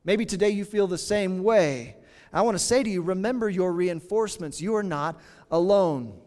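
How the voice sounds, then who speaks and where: A pastor preaching a sermon in an earnest, conversational way, with dramatic pauses. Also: male voice, high voice, darkish tone, in a large hall.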